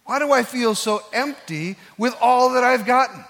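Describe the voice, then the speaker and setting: A man's voice: extremely high pitch, normal speed, creaky, fairly bright tone, long reverb tail, voice pushed up, heavily acted. A man voicing a friend's exasperated rant about a broken promise of money, his voice raised and pleading. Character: agitated newly rich man, grown man.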